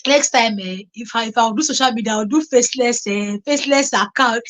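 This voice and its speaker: High-voiced Nigerian woman vlogging. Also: brisk, low-quality recording. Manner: animated, laughing storyteller with pidgin exclamations. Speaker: YouTube reaction channel host. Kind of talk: casual live-stream vlog talk.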